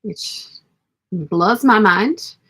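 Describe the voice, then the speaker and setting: A woman with a hoarse, croaky voice, chatting casually and rambling as she sews and answers a live chat. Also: medium pitch, drawn-out words, a bit bright. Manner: rambling, self-deprecating, chatty. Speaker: sewing livestream host. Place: home sewing studio.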